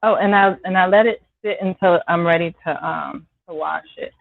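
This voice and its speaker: A woman's voice: on the low side, normal speed, creaky, slight background noise. Chatty woman cooking on a tinny live stream. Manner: chatty, talks to viewers by name, apologetic. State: clearing a scratchy throat. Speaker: home cook hosting a live cooking stream. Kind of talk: casual live-stream chat while cooking. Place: home kitchen. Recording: dry, tinny phone-like sound.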